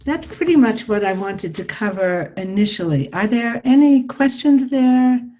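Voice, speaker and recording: Woman, older, psychologist, soothing, coaching, video call, warm tone. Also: on the high side, lively intonation, measured pace. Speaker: psychologist teaching a class. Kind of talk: live online workshop talk.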